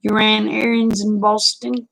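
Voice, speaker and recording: A woman, chatting casually with viewers on a livestream, folksy and quick to laugh. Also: medium pitch, flat delivery, vocal fry, fairly bright tone, rough recording. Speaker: livestream host.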